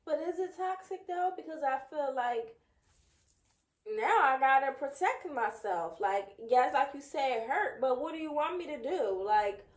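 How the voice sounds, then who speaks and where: A woman's voice: high voice, lively intonation, unhurried. A woman in her thirties co-hosting a podcast, speaking frankly and emphatically in casual chat. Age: 30s. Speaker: podcast co-host. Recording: echoey room.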